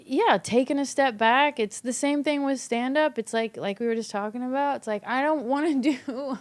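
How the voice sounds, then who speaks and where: A Southern-accented comedian from Kentucky chats candidly as a podcast guest, laughing through her stories and swearing casually. She speaks at a moderate pace in a high-pitched voice.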